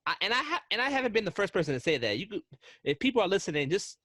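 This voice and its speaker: Animated man telling ride stories. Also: sits high, racing, no echo, clean studio sound. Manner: rambling, excitable storytelling with frequent restarts. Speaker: podcast co-host. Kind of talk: casual podcast chat.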